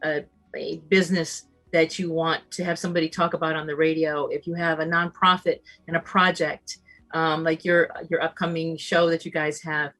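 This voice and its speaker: A woman's voice: sits low, level tone, normal speed, a bit bright, soft background music. A middle-aged woman who hosts a long-running radio talk show, speaking as a guest, confident and service-minded. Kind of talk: guest interview on a live video show.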